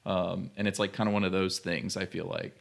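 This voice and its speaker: A man's voice: sits low, little pitch movement, a little fast, gravelly. A young man co-hosting a podcast, talking casually about a film and thinking aloud with many fillers. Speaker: podcast co-host.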